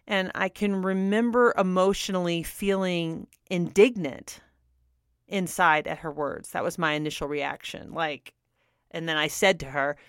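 A middle-aged woman shares a personal story on the radio, candid and earnest. Her voice is smooth and clear, pitched a little low, and it sounds close and dry with no room echo. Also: normal speed, fairly bright tone. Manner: earnest, candid, laughs often. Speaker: radio host. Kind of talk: personal testimony talk.

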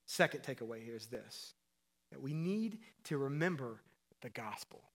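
A man preaching a sermon as pastor, asking his listeners questions and acting out quoted voices, swinging between loud emphatic calls and quiet low passages. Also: animated, moderate pace, vocal fry. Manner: acts out quoted voices and asks the crowd questions.

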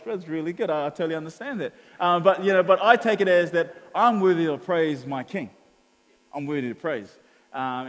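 A pastor from New preaches in a relaxed, storytelling way. He acts out conversations and laughs along the way. His voice sits a bit high, and it rings out in a hall with long reverb. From New Zealand. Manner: chatty storytelling, acts out dialogue, laughs often. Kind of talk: sermon.

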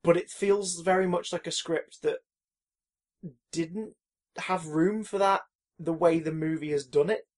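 A man co-hosting a casual film podcast, animated and profane, acting out reactions with loud exclamations. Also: on the high side, unhurried, long pauses. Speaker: podcast co-host.

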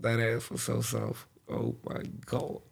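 A man's voice: mid-range voice, completely flat delivery, unhurried, creaky, husky. A young man co-hosting a podcast, telling a story in a laid-back, profane way and laughing often. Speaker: podcast co-host. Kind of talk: casual chat, storytelling.

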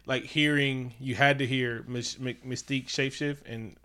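A man with a bright, forward voice chats loosely about a film, rambling and swearing as he goes. He is animated and keeps slipping into quick impressions of the characters. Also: mid-range voice, a little hiss or hum. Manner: animated, profane, slips into impressions. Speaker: podcast co-host. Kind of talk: casual movie review chat.

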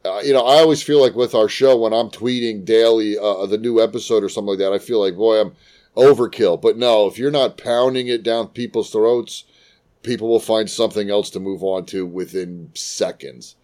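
A man's voice: fairly low pitch, fairly even intonation, normal speed, a little mellow. A man hosting a podcast, chatting casually and reading notes, often stumbling and repeating words. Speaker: podcast host.

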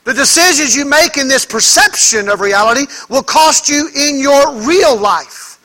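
The sermon comes from a male pastor whose voice is very high and bright, with lively intonation. He speaks emphatically, slowly and deliberately, pressing each point through rhetorical questions aimed at the congregation.

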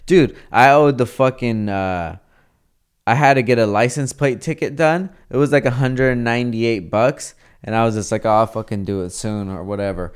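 Brash, profane man with a smooth voice. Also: mid-range voice, normal speed. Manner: profane, brash, mimics people in his stories. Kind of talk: casual podcast chat.

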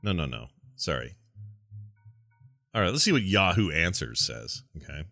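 A man's voice: low voice, very animated, moderate pace, vocal fry, bright, forceful tone, soft background music. A man hosting a podcast in casual chat, wry and joking as he reads out news stories. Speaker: podcast host.

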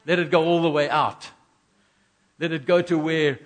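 Male pastor, middle-aged, from South Africa, earnest sermon delivery, slightly higher voice, repeats phrases. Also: a little slow, pauses often. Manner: earnest preaching with repetitions and acted asides.

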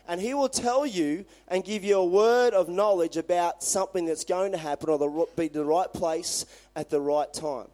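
A male pastor preaching, reading scripture and retelling it in an animated, conversational way. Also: sits high, moderate pace, hardly any pauses.

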